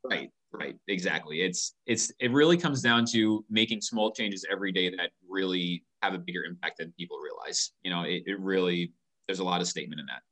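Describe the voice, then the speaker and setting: Earnest low-voiced man with a bright tone. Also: brisk. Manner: earnest, passionate, repeats words when starting sentences. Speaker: company founder, guest. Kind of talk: casual interview conversation.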